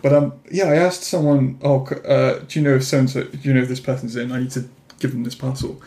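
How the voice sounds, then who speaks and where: A man's voice: medium pitch, little pitch movement, quick pace, dark tone. A man hosting a casual interview, laughing often and filling in with frequent agreement. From Britain. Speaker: interview host.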